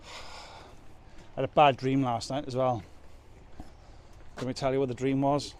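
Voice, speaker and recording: Rain falls on the outdoor loading yard as a truck driver vlogger loads up and chats, drifting between thoughts and teasing himself. His delivery is flat and a bit slow, his mid-range voice slightly mellow. A little hiss or hum runs under the audio.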